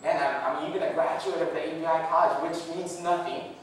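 A man preaching a sermon, swinging from loud bursts to hushed tones when he quotes God softly. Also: on the high side, level tone, a little fast, a little hiss or hum. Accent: Californian. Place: church hall. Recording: echoey hall from far off.

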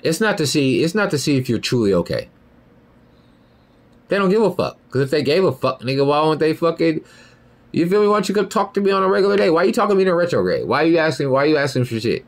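A man's voice: on the high side, big pitch swings, fast talker. A young man hosting a podcast in a rambling, profane casual monologue, often asking "you feel me". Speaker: podcast host.

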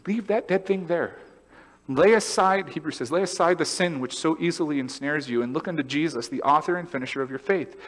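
Animated man preaching in a reverberant church. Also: on the high side, a little fast. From California. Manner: animated, storytelling, acts out voices and laughs. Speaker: pastor. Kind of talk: sermon. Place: church sanctuary.

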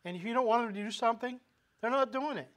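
A man with a fairly high voice for a man preaches a sermon in a relaxed, conversational manner. He asks the congregation questions and often restarts his words mid-phrase. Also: fast talker. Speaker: pastor.

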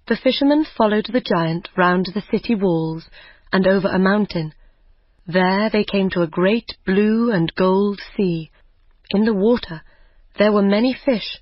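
Slow, careful audiobook narrator. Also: mid-range voice, no room sound. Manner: slow, careful, clear reading. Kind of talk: simple audiobook reading for learners. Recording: dull lo-fi recording.

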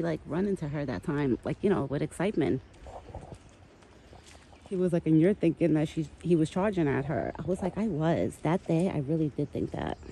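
Chatty woman vlogging outdoors, gravelly voice. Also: sits low, mellow, a little hiss or hum. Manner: chatty, affectionate, many "like"s. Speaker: vlogger caring for a pet deer. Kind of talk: casual outdoor vlog chat. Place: outdoors in a backyard.

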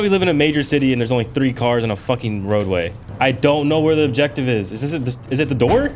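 A young man giving profane, frustrated commentary over his own gameplay, now and then yelling. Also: mid-range voice, animated, fast, few pauses, noisy background. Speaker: gaming YouTuber.

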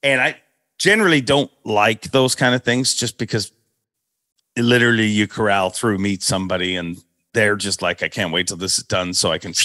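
A middle-aged man hosting a podcast, telling an animated story with laughs as he talks. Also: lowish voice, moderate pace, no echo. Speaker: podcast host. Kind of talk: casual storytelling chat.

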